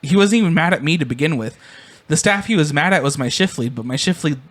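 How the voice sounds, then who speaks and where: A man's voice: fairly high pitch, expressive, quick pace, fairly bright tone. A young man hosting a podcast, telling a rambling story full of swearing in casual chat. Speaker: podcast co-host.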